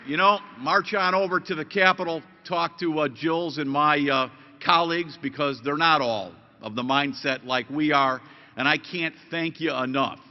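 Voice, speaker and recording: A man's voice: fairly high pitch, moderate pace. A man, a state legislator, giving a combative political rally speech that lays out warnings against opponents. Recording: dull lo-fi sound with long reverb.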